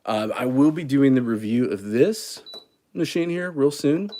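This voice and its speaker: A man hosting a casual coffee livestream, chatty and quick to laugh at his own mistakes. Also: mid-range voice, animated, dark tone, a little hiss or hum. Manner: self-deprecating, chatty, laughs at himself. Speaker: coffee channel host. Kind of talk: casual livestream chat while making espresso.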